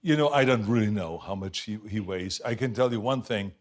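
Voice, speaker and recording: An older man in his seventies with an Austrian German accent appears as a talk show guest in a TV studio with an audience, chatting casually. He's an animated storyteller who acts out quotes and laughs often, his voice on the low side and brisk.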